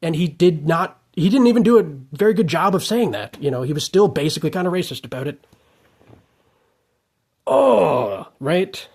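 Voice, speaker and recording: A man giving an unscripted monologue rant, heated and profane, breaking into shouted outbursts. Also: a little high, lively intonation, normal speed, slightly rough.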